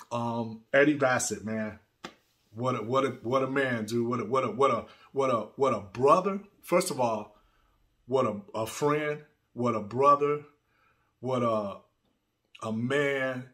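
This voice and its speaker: A man hosts his own video channel, chatting casually from his studio with a mid-range, fairly bright voice at a slow pace. His vlog talk is heartfelt and rambling, and he repeats words as he goes.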